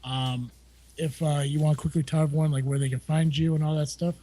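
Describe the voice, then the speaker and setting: Male cohost, husky, easygoing question-asker. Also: on the high side, level tone, fairly quick, dark tone, poor audio. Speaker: podcast co-host. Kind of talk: casual chat.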